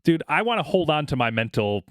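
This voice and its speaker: A man's voice: on the high side, big pitch swings, a little fast, a bit bright, smooth, no room sound, clean studio sound. A man co-hosting a podcast, telling long stories in a casual, profane, filler-heavy way. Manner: rambling, profane, many fillers like "like" and "you know". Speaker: podcast co-host. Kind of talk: casual storytelling chat.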